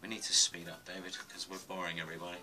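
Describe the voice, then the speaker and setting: A man's voice: low-pitched, flat delivery, racing, pushed and bright, rough recording. A man giving a casual drawing tutorial, muttering and rambling to himself as he sketches. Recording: music playing underneath. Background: music.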